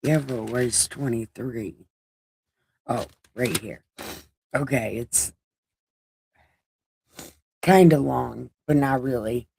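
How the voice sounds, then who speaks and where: A woman's voice: extremely low pitch, slow, gravelly, pauses often, warm tone, slight background noise. A woman with a runny nose casually reading scripture aloud on a stream, joking and swearing as she goes. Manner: jokey, irreverent, swears casually. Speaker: online Bible reader.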